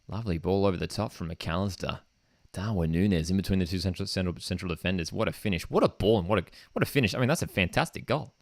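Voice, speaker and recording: A man's voice: low voice, fast talker, dry recording, clean studio sound. A man hosting a live football watchalong, casual and enthusiastic, often saying "man". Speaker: football streamer and host. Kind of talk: live match watchalong commentary. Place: home streaming desk setup.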